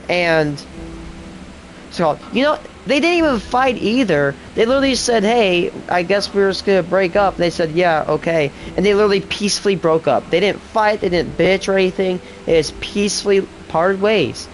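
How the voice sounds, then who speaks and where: A man streaming a game, commenting casually with rambling asides and fillers. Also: high voice. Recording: music in the background.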